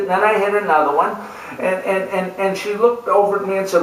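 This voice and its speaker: High-pitched man, storytelling, repeats "and, and", roomy echo, mic at a distance. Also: steady tone, fairly quick. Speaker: golf instructor telling a story. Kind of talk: humorous anecdotal talk.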